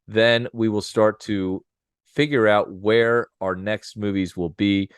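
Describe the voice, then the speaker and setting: A man's voice: lowish voice, slow, clean tone, no room sound. Upbeat man, dry close sound. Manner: upbeat, laughs often, does playful impressions. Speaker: podcast co-host. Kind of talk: casual chat.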